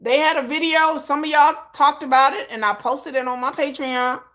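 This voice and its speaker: A woman vlogger rattles on about pop music in a loose, slangy, animated way, tossing in asides to her viewers. Her voice sits high and sounds bright and forceful. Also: moderate pace. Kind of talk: casual pop-music chat.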